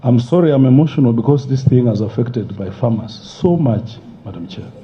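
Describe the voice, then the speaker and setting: A Kenyan man testifying before a parliamentary committee, arguing forcefully and talking over the lawyer. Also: mid-range voice, expressive, normal speed, soft background music. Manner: forceful, interrupts, talks over others. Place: parliamentary committee hearing room. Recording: dull lo-fi broadcast audio.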